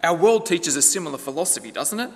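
A man's voice: fairly high pitch, lively intonation, fast talker, gravelly. A man preaching a sermon in a conversational way, asking the listeners rhetorical questions. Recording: long hall reverb.

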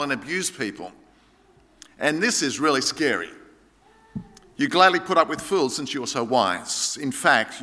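A man, a pastor preaching a sermon with animated emphasis that rises high and drops low. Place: church hall. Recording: long hall reverb.

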